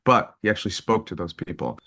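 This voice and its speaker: A man with a fairly low voice tells stories as a podcast guest. He talks in an animated, lively way, jumping up in pitch when he acts out what people said, and he laughs often as he goes. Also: quick pace. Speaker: guest photographer. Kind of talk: casual interview storytelling.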